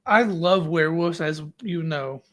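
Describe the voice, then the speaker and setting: Relaxed podcast co-host chatting. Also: medium pitch, moderate pace. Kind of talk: casual movie chat.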